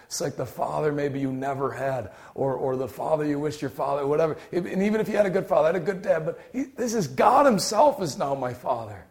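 A young adult man delivering a sermon with lively, shifting energy. He bursts out loudly on key points, then drops to a hushed, almost whispered tone. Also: fairly high pitch, brisk, hardly any pauses. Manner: animated, swings from loud exclaiming to quiet near-whisper. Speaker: preacher.

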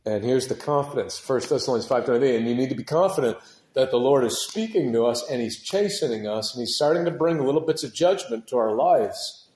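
A man preaching a sermon with passion, moving from hushed, heavy passages to loud, urgent ones, and dropping casual words like dude and man. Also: mid-range voice, animated, fairly quick, echoey room. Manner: impassioned, swings from hushed to shouting.

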